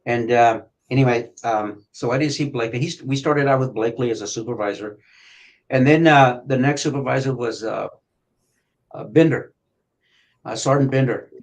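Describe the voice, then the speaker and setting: An older man and retired detective telling police stories in a profane, animated way, acting out shouting as he goes. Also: medium pitch, normal speed, low-quality recording. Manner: profane, animated storyteller who acts out shouting. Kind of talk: storytelling on a podcast.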